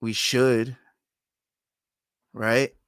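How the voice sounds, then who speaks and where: A man hosting a live fight watch-along, giving fan commentary, who swears often and pleads and shouts at the fighters on screen. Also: mid-range voice, level tone, very slow, no echo, clean studio sound.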